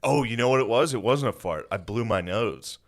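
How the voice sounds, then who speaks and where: A man co-hosting a comedy podcast, telling profane stories and acting out the people in them in shrill voices. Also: lively intonation, moderate pace. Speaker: podcast co-host. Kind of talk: casual comedic chat.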